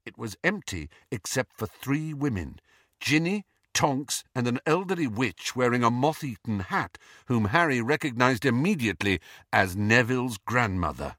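A man narrates a novel with an animated, expressive reading, his pitch moving freely through each sentence. His tone is bright and forceful. The recording is dry and close, with no room sound. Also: moderate pace, no room sound. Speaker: audiobook narrator. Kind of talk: scripted narration.

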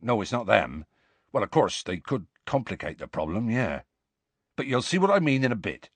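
Hagrid, a gruff giant gamekeeper, as a man puts him on. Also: lowish voice, sing-song, normal speed, no room sound. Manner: gruff, clipped country talk.

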